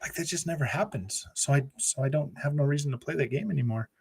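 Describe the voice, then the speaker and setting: A man's voice: a little high, fast talker, vocal fry, a little mellow, husky. A man hosting a gaming channel, chatting casually on a live stream in a sarcastic, mocking way and saying "man" and "bro" a lot.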